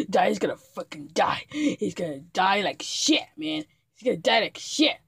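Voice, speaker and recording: A man's voice: big pitch swings, creaky, a bit bright, husky, full character voice. A man voicing an exasperated, hot-tempered dad who stammers, restarts and sighs a lot in a comedy sketch. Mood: seething. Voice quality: stammering, halting delivery with many restarts. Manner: sighing, grumbling, low and muttered. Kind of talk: comedic puppet sketch acting.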